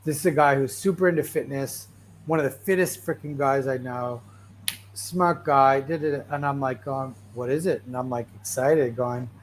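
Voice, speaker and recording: Speaking at normal speed in a mid-range voice, this man leads an informal motivational talk over slight background noise. He rambles from story to story, constantly saying "like" and "right?" and restarting his sentences, an animated and restless teller of tales.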